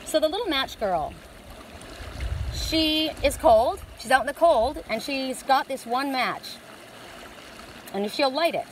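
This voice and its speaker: A woman's voice: high voice, lively intonation, slow, long pauses, a little hiss or hum, low-quality recording. A middle-aged woman giving a spiritual oracle card reading, talking in a rambling, heartfelt and emotional way.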